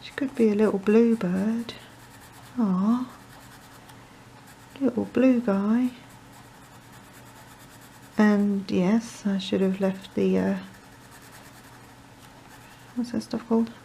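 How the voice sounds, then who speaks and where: Crafter woman, mellow and gravelly, rambling tutorial chat with muttered asides. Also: medium pitch, steady tone, slow pace, pauses often, slight background noise, rough recording. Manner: rambling, chatty, self-deprecating asides, muttering to herself. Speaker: card-making crafter.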